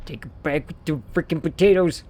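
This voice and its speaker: Man, streamer, casual game commentary, mock indignant, a bit high-pitched. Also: brisk, warm tone. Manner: playful mock outrage, rambling enthusiasm.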